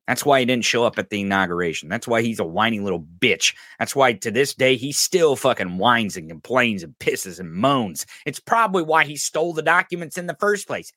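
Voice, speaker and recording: A man's voice: mid-range voice, expressive, moderate pace, pushed and bright, no room sound, studio quality. A man hosting a podcast, ranting angrily and profanely in political commentary, mocking his opponents. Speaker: podcast host.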